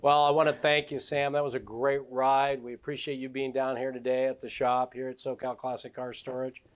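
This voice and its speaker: A man's voice: medium pitch, level tone, fairly quick, clear, resonant tone. Friendly male podcast host. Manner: friendly, affirming, promo-style wrap-up. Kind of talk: interview hosting and sign-off. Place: car storage shop.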